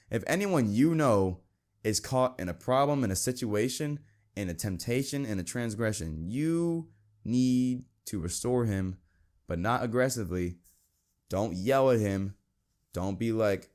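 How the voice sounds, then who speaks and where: A man's voice: animated, moderate pace, a little mellow. A young man hosting a Christian podcast, talking earnestly and casually and reading verses aloud. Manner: earnest, conversational, quotes scripture, mimics friends in a high voice. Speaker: podcast host.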